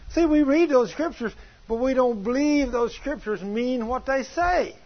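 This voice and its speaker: A man's voice: very high-pitched, a little slow. A man preaching a sermon in a church, retelling a testimony in a folksy way and asking the congregation questions. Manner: folksy, rising to shouts, asks the congregation questions. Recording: dull lo-fi sermon recording.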